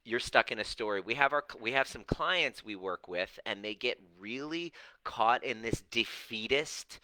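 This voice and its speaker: A middle-aged personal growth coach speaks directly to camera in an animated, emphatic manner, slowing on key words to drive them home. His medium-pitched voice is bright and forceful. The recording is close and dry with no room sound, but the audio quality is poor.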